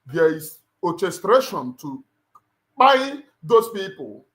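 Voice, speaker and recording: Slow and high-pitched, his voice swinging widely in pitch with a fairly bright tone, a middle-aged Nigerian man gives an impassioned livestream address. He hosts in a Nigerian accent, emphatic as a preacher, and repeats his lines for weight.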